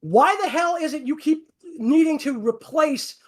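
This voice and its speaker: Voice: high-pitched, a little slow. A voice actor on a livestream Q&A, ranting heatedly with lots of swearing and repeated words. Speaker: voice actor on a fan channel. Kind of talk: livestream Q&A rant.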